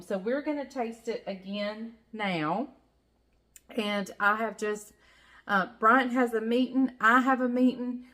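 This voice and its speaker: A woman's voice: on the high side, a bit bright. Chatty Southern woman hosting a kitchen vlog. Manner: chatty, folksy, laughs often. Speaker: cooking channel host. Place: home kitchen.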